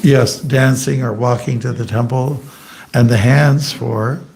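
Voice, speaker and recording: A monk giving an informal scripture class in a temple hall, telling anecdotes, joking and quizzing the audience. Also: male voice, mid-range voice, steady tone, a little slow, creaky, a little mellow. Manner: chatty and joking, asks the audience questions.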